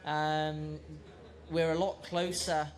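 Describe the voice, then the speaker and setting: A man, a motorcycle racer, talking casually and haltingly about his bike, with many restarts. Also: fairly high pitch, flat delivery. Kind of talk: casual interview. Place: outdoors at a racetrack campsite.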